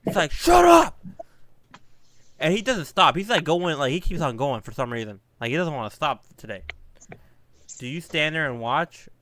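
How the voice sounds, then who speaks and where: A man in casual podcast chat, telling a story with animated, stammering restarts. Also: on the high side, fairly quick.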